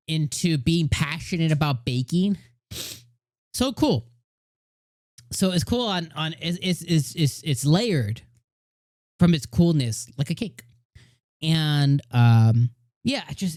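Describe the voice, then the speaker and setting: A man's voice: fairly high pitch, a little mellow, no room sound, studio quality. A middle-aged man casually reviewing an anime episode, gushing and rambling with many fillers.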